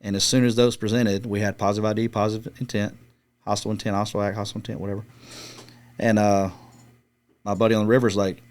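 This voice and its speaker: The guest, a middle-aged former Marine scout sniper, talks fast and flat as he tells a long story, swearing freely and voicing the radio calls in an easygoing manner. His voice is on the low side.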